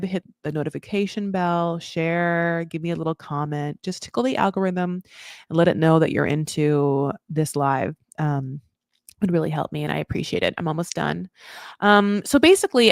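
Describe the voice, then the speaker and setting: A woman's voice: sits low, moderate pace, no room sound, clean studio sound. A woman hosting a casual reality TV recap, chatty and swearing freely as she acts out what people said.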